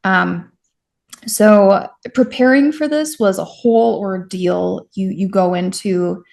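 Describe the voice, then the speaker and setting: A woman's voice: medium pitch, takes it slowly, vocal fry, a little mellow. A young woman being interviewed, recounting her experience frankly, with self-deprecating humor and many restarts. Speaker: interview guest, stalking survivor. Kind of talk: candid conversational storytelling.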